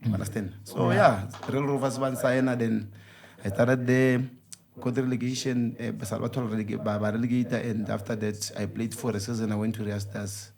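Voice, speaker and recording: Brief: male football guest, mid pitch, lively storyteller. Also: a little fast. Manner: animated, code-switching between English and Sotho. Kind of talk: casual chat.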